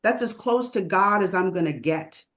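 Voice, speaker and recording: A woman in a meditation group who tells a story casually, animated and often laughing, with hesitant restarts. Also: medium pitch, moderate pace. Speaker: sangha member. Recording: roomy echo.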